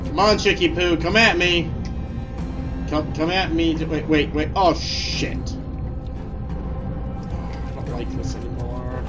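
A man doing let's play commentary who gets frustrated, swears and yells at the game. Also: on the high side, animated, a little slow. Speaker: gameplay commentator. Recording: game music behind the voice.

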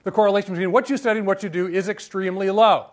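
Guy lecturing a crowd, fairly high voice for a man, jokey, keeps tossing questions at the room. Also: very fast. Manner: lively and joking, asks the audience questions. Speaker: university lecturer. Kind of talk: humorous lecture to a live audience.

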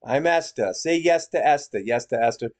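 A man's voice: mid-range voice, lively intonation, normal speed, voice pushed up, close to an everyday voice. A man voicing a fiery, boastful New York woman prophet in a mocking impression, with a New York accent. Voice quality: loud, boastful, threatening.

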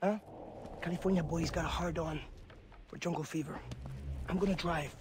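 An actor playing an unhinged, volatile male pirate warlord in a video game cutscene, mocking and menacing, swinging from soft coaxing to explosive shouting. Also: on the high side, fairly even intonation, normal speed, close to an everyday voice. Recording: noisy game audio with roomy reverb.

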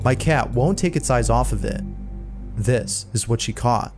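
Male narrator, mid-pitched, measured scripted read, music clearly behind. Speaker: narrator of a scary video compilation. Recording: narration over background music.

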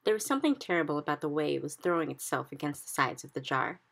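A woman reading a children's book aloud in steady narration. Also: sits low, fast, gravelly. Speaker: reader. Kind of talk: storybook read-aloud.

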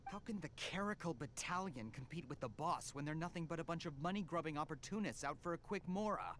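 A man's voice: a little high, expressive, fast, a bit bright, a little hiss or hum. An actor playing a scornful male mercenary in a video game, sneering at outsiders.

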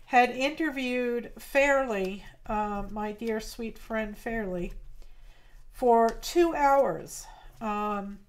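A woman chats her way through a crafting livestream from her home studio, slightly high in pitch. She speaks in an unhurried, halting way and reads viewers' comments aloud between thoughts. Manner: slow, halting and heartfelt, reading chat aloud. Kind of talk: casual livestream chat while crafting.

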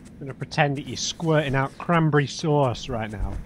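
A man commentating a blind gameplay run, chatty and self-mocking, often bursting into loud exclamations. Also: mid-range voice, normal speed. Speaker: let's play host. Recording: noticeable background noise.

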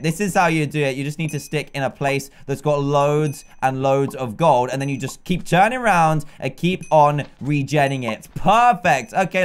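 A young British man giving excitable, chatty gameplay commentary as a YouTuber. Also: fairly high pitch, smooth. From Britain. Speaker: gaming YouTuber.

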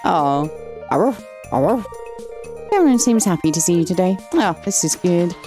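English woman host, relaxed mellow voice, bouncy animated delivery, faint music underneath. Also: on the low side, a little fast. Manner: chatty and affectionate, calls everyone "lovely". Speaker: gaming channel host. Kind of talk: casual gameplay commentary, reading dialogue aloud.

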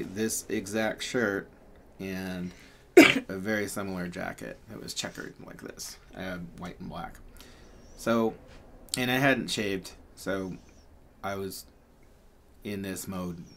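A man's voice: sits low, slow, a little hiss or hum. A man telling a story casually, rambling and chatty, with lots of fillers and laughs. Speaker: pyrography channel host.

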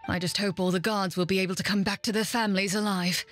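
A woman with a French accent voicing a stern, wounded male guard captain in a game, talking in gruff, suspicious, clipped demands. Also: medium pitch, fairly even intonation, fast talker, fairly bright tone, faint music behind, lightly acted. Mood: weary.

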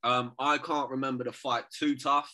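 A man co-hosting a fight podcast, teasing and swearing freely in casual banter over a remote call. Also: moderate pace. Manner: animated, teasing, swears freely, bursts into high laughs. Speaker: podcast co-host.

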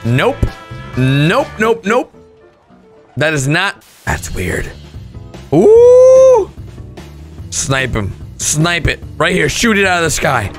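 A young man commentating on gameplay clips with excited outbursts and shouts. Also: fairly high pitch, slow, faint music behind. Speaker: gaming commentator.

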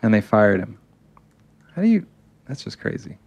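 A man co-hosting a casual podcast chat, animated and jokey, talking close into a studio mic. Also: on the low side, moderate pace, gravelly, lo-fi sound. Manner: animated, jokey, laughs often. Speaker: podcast co-host.

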